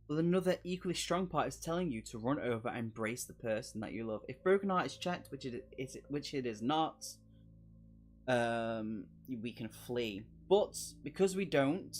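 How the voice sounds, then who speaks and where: A man streaming a live playthrough, reading a horror gamebook aloud and chatting jokily with his viewers between passages. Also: mid-range voice. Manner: chatty, jokey, talks to chat between passages. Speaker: streamer host.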